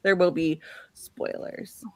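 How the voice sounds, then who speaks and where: A woman's voice: on the low side, steady tone, slow pace, no echo. A woman from the Midwest hosting a casual book livestream, chatty and laughing often as she reads out viewer comments. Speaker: host.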